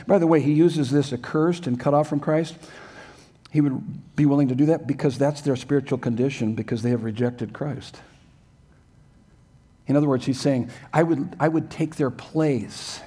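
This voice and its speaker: A man's voice: fairly high pitch, measured pace, pauses often, mellow, slightly rough. An older man preaching a sermon as a pastor in a church sanctuary, earnest and emphatic, with many rhetorical questions.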